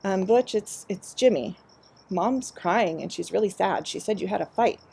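A woman's voice: medium pitch, normal speed, gravelly, warm tone, husky. A woman voicing a timid six-year-old girl who stammers and pleads on the phone. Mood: anxious pleading. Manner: hesitant, stammering.

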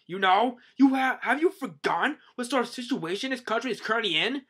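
A furious male sea minister, as a man plays him, scolding in a voice pushed well above the performer's own. The tone is bright and sharp, and the delivery is loud and indignant. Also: extremely high pitch, expressive, brisk, breathy edge, voice pushed up, full character voice. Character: shouting stern male sea-creature minister.

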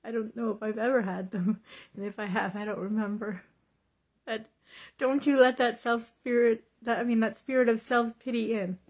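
A woman's voice: on the high side, steady tone, moderate pace, husky. A woman giving a devotional confession vlog, teary and fervent, repeating praise and urging viewers. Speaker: Christian vlogger.

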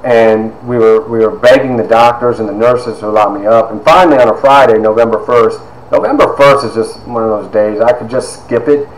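A man in his fifties giving a personal testimony, halting with fillers and acting out quoted dialogue. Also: mid-range voice. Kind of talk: personal storytelling talk. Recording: roomy echo.

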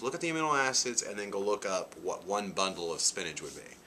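A man in his forties tells a meandering story to his vlog viewers, filling the gaps with "you know" and "like". His voice sits very low but has a bright, forceful edge. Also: very animated, quick pace. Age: 40s. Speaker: vlogger. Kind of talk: casual chat.

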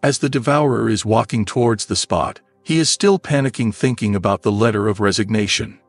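A man narrating a comic story recap in a steady, plain manner over faint music. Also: on the low side, a little fast, no room sound.

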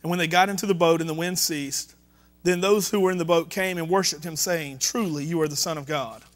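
High-voiced pastor preaching. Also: male voice, steady tone, fairly quick. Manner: conversational preaching, reads scripture aloud, asks the congregation questions. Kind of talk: sermon. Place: church sanctuary.

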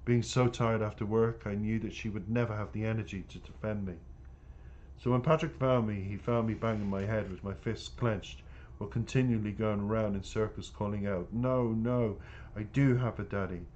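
Low-voiced man narrating an audiobook. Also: fairly even intonation, moderate pace, darkish tone, lo-fi sound, a little hiss or hum. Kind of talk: first-person audiobook narration.

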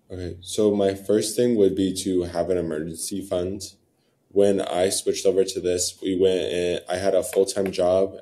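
A man's voice: low-pitched, warm tone. A man co-founder speaking as an interview guest in plain, matter-of-fact casual talk.

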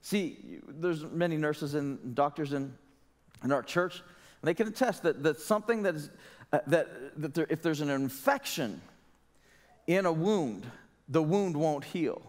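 A man's voice: fairly high pitch, expressive, a little slow, long reverb tail. A man preaching a sermon as pastor, in an earnest, conversational way with emphatic rhetorical questions. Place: church sanctuary.

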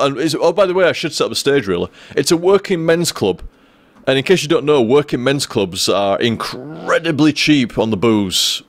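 A man's voice: mid-range voice, no echo. A young man telling a long, rambling story to his live stream viewers, swearing freely and restarting his sentences. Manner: rambling, profane, restarts often.

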